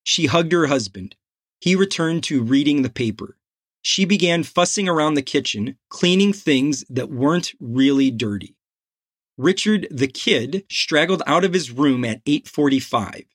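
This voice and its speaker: A man reading a crime novel aloud as narrator, in a slow and measured way. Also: fairly high pitch, expressive, breathy edge, no room sound, studio quality. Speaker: audiobook narrator.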